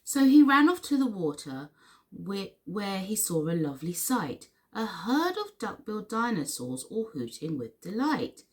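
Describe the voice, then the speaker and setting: A woman reading a children's picture book aloud for storytime in an expressive, sing-song way. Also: mid-range voice, measured pace. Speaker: story reader.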